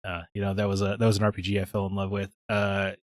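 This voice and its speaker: A man's voice: low voice, monotone, fast talker, no room sound. A man co-hosting a casual podcast chat, rambling with many fillers. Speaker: podcast co-host.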